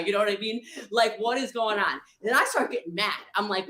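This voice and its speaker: A woman telling an animated story, acting out the quotes with loud bursts. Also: medium pitch, fast, few pauses. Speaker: retreat coach in a clip. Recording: echoey room.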